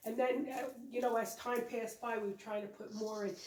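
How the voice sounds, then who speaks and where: Woman rambling about her tree decorations, kinda high voice, echoey room, sounds a bit off mic. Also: steady tone, brisk, a little mellow, far from the mic. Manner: rambling, chatty, self-correcting. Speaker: co-host of home decorating channel. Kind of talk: casual home vlog chat.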